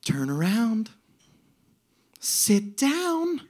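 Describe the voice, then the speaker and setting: A man's voice: high-pitched, huge pitch swings, very slow, darkish tone, exaggerated voice. A man voicing an overjoyed young woman who works as a water-slide attendant, cheering in a chirpy, sing-song way.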